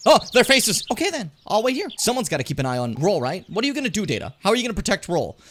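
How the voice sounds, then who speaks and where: A man's voice: high voice, huge pitch swings, very fast, few pauses, over music. Swearing, jokey man streaming a game. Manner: profane, jokey, sudden shouted outbursts. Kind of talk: casual live-stream commentary.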